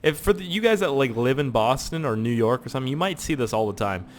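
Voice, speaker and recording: A man's voice: mid-range voice, animated, quick pace, slight background noise. A man from Canada, telling rambling, profane stories while he plays a game. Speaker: gaming YouTuber. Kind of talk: casual storytelling over gameplay.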